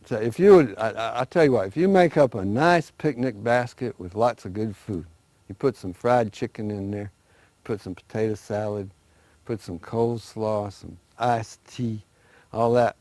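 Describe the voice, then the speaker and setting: A man's voice: lowish voice, moderate pace, a little mellow, dry recording, natural voice. A man voicing a boastful trickster rabbit in a folktale, talking eagerly and coaxing his listeners. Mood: wheedling.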